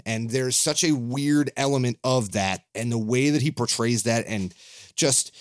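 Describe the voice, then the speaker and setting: A man chatting casually as a podcast co-host, full of enthusiasm and dropping curse words freely. His voice sits at an ordinary middle pitch. The sound is close and dry, with no room echo. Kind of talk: casual chat.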